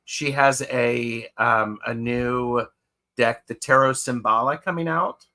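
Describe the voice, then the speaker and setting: A man's voice: mid-range voice, slow, sharp tone. A man co-hosting a live tarot show, chatting casually and reading out viewer comments. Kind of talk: casual chat on a live stream.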